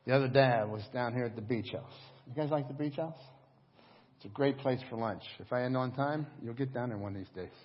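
A middle-aged man preaching a sermon as pastor, telling stories in an animated, conversational way. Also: mid-range voice, fairly quick. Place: church service. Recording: dull echoing church hall audio.

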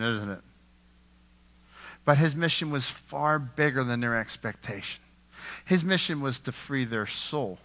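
A man preaching a sermon, impassioned, rising to loud emphasis and dropping to a hush, repeating words as he builds a point. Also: mid-range voice. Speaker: pastor.

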